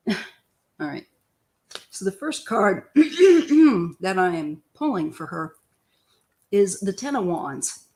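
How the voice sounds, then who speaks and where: An older woman from Missouri, a tarot reader chatting loosely through a live-stream reading, clearing her throat often. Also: mid-range voice, very animated, slow, pauses often, darkish tone.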